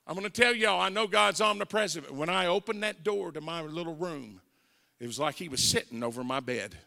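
Gravelly Southern evangelist in a big hall. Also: male voice, a little high, brisk, sharp tone. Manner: dramatic storytelling, acting out quoted voices. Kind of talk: testimony sermon. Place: church sanctuary. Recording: reverberant church hall.

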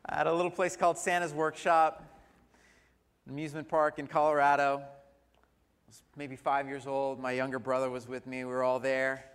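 A man's voice: medium pitch, little pitch movement, moderate pace, clean tone, in a large hall. A man preaching a sermon as pastor, telling a humorous personal story. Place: church sanctuary.

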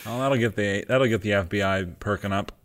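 A man's voice: lowish voice, fairly quick, fairly bright tone. A man co-hosting a casual podcast, chiming in with dry, profane jokes and telling a story of his own. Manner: dry, joking, profane asides. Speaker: podcast co-host.

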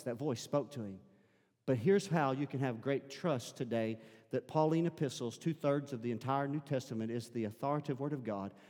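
A man's voice: mid-range voice, warm tone, big-room sound. A man preaching a sermon as pastor, emphatic and repeating his phrases to urge the congregation on. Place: church sanctuary.

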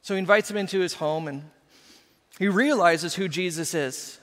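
A male pastor preaching a sermon in an animated, emphatic way with conversational asides. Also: high-pitched, normal speed, in a large hall.

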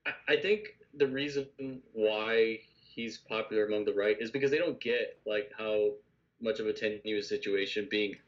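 A man's voice: lowish voice, moderate pace. A man co-hosting a podcast in casual chat, agreeing often and giving loose opinions. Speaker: podcast co-host. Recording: dull lo-fi audio.

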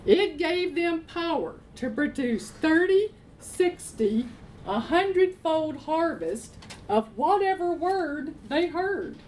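High-voiced woman preaching slowly. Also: big pitch swings, darkish tone, a little hiss or hum, poor audio. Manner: emphatic, repeats phrases, asks and answers own questions. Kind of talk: sermon.

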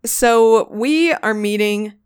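A woman co-hosting a podcast in casual chat, talking quickly with frequent giggles and rambling asides. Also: on the high side, smooth. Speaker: podcast co-host.

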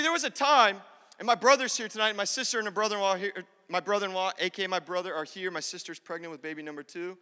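A man's voice: high voice, bright, forceful tone, long reverb tail. A man preaching a sermon in a church, telling a funny personal story and talking straight to the congregation. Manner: humorous, talks directly to the congregation. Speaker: pastor.

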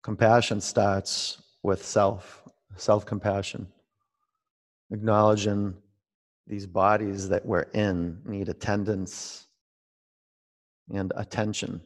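A man guiding a yoga class at home, talking in a relaxed, conversational way and drawing out his cues. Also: on the low side, slow pace, long pauses, in a large hall. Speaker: yoga teacher. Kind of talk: guided yoga class instruction.

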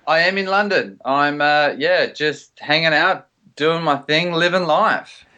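Australian man guest, breezy and relaxed, crisp bright tone, on a web call. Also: fairly high pitch, measured pace. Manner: easygoing, laid-back, says mate. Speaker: guest, adventure athlete. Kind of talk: casual chat. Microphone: Skype call.

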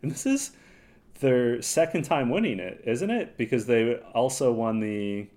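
A man's voice: mid-range voice, animated, a little slow, darkish tone. A man co-hosting a podcast, chatting casually and bluntly about a reality show and laughing often. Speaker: podcast co-host.

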